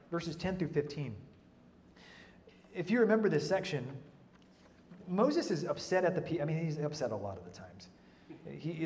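A man preaching a sermon in a lively way, with humorous asides and frequent restarts. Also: a little high, big-room sound.

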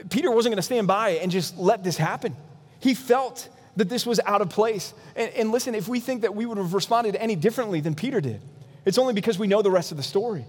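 Man pastor, emphatic sermon, high voice, reverberant sanctuary. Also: animated, a little fast, breathy edge. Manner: earnest, emphatic preaching.

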